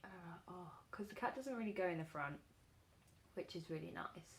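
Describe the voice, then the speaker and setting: A woman beauty vlogger chatting casually while doing her makeup, telling an animated story full of fillers. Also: on the low side, a little fast.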